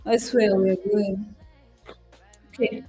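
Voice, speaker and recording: With a mellow, level, mid-range voice and a slow pace, this young trading livestream host chats casually with her audience. She gets emotional and apologetic while talking to herself, and faint music sits behind her.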